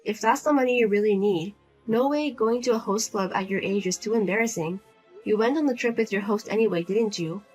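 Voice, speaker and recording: A woman playing a fed-up grown daughter who speaks flatly and firmly to her pushy mother in a narrated drama. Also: medium pitch, brisk, faint music behind, lightly acted. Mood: accusing. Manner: flat, firm, cold and blunt. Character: Lizzie, grown daughter, cool, blunt, fed up.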